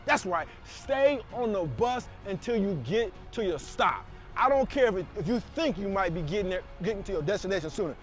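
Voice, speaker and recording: High-voiced preachy motivational man. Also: expressive, a little fast, faint music behind. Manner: preachy, repetitive, emphatic with call-outs. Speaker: motivational speaker. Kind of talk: motivational speech to camera.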